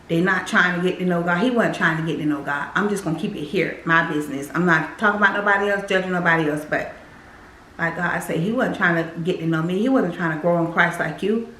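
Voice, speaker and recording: A woman's voice: fairly low pitch, quick pace, pushed and bright, echoey room, a little hiss or hum, low-quality recording. A woman casually sharing a personal faith testimony, speaking straight to her viewers and repeating phrases for emphasis. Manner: speaks directly to viewers as "y'all".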